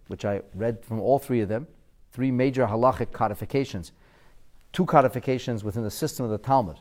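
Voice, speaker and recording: A man in his forties teaching a Torah lesson, puzzling aloud and asking rhetorical questions as he explains the sources. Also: mid-range voice. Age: 40s. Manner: animated, quizzical, asks rhetorical questions.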